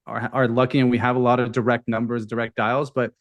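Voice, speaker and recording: A man's voice: medium pitch, level tone, fast, no room sound. A man as a guest sales expert giving casual advice, often restarting and repeating words. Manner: hesitant, repeats words, hedges.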